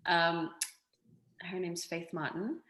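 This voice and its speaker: An actress from Australia telling stories in a casual interview, animated and expressive. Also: female voice, on the low side, slow, reverberant, low-quality recording. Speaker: actress, guest.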